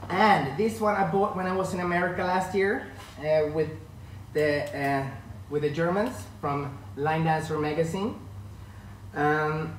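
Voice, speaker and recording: A man's voice: fairly high pitch, fairly bright tone, echoey room, far from the mic, slight background noise, poor audio. A man in his thirties from northern Sweden with a Swedish accent, a line dance instructor chatting casually on a live stream and greeting viewers by name. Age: 30s. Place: room at home.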